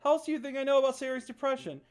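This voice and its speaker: A streamer reading aloud the lines of a troubled young man from a story game in a plain, flat voice. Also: high-pitched, rapid-fire, voice pushed up, natural voice. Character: troubled young man stuck in a time loop.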